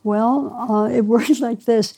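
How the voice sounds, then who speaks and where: An older woman, a pediatrician, tells her story in an interview, reflective and wry, laughing between phrases. Her voice is a little high, mellow and slightly rough, with a steady tone and a slow pace.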